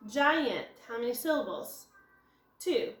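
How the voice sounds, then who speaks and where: A woman's voice: fairly high pitch, expressive, slow pace, a bit bright. A woman teacher giving a recorded phonics lesson, explaining step by step and answering her own questions. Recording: echoey room.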